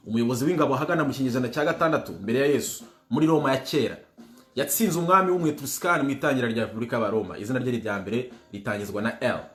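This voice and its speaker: A man hosting a livestream trivia game, playful and switching languages while greeting viewers by name. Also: mid-range voice. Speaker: quiz host. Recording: roomy with music behind.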